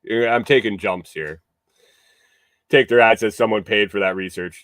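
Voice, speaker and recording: A man's voice: fairly low pitch, moderate pace, a bit bright, dry recording. A man hosting a morning livestream, reading news stories aloud and breaking off into sarcastic, rambling asides with some swearing. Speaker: livestream morning show host. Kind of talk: casual news commentary.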